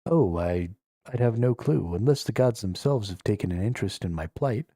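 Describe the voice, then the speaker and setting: Man as a cocky adventurer, wry, self-assured, low, mellow. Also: lively intonation, normal speed, no echo, studio quality. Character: cocky adult male adventurer hero.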